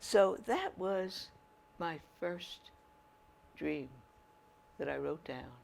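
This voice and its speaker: An older woman telling personal stories to an audience in a chatty, animated way. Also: lowish voice, drawn-out words, gravelly, a little hiss or hum. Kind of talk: storytelling talk.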